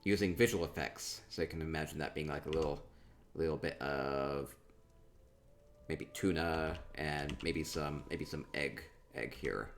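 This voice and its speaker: A man chatting casually through a tour of a game, upbeat and quick to repeat himself, with soft laughs between remarks. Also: very deep voice, soft background music. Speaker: gaming streamer touring player-built homes. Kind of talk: casual gameplay commentary.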